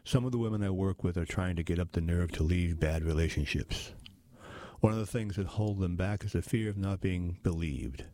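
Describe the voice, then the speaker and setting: A man's voice: low-pitched, normal speed, warm tone, no room sound, lightly acted. A man reading aloud, voicing an earnest and curious adult woman who works as a social worker, in an audiobook. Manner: earnest, inquisitive.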